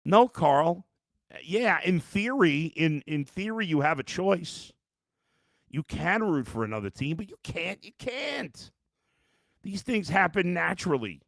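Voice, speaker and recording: A gravelly-voiced man hosting a post-game sports podcast, ranting and exasperated, often restarting his sentences. His voice sits in an ordinary middle range, and the sound is dry and close. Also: on the high side, lively intonation, measured pace, no echo. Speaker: podcast host. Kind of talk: post-game sports talk, reading chat.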